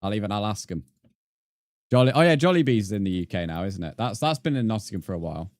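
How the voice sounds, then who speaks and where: A man's voice: fairly low pitch, expressive, quick pace, a little mellow, no echo, clean studio sound. Chatty man streaming. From England. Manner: rambling, chatty, reads and answers viewer comments. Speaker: game streamer. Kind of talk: casual live-stream chat.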